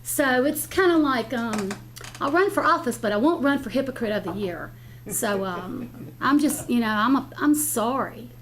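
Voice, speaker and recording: Older woman commissioner, blunt and emotional, a bit high-pitched, speaking up at a public meeting. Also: lively intonation, moderate pace, a little hiss or hum. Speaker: county commissioner. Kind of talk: impassioned remarks at a public meeting.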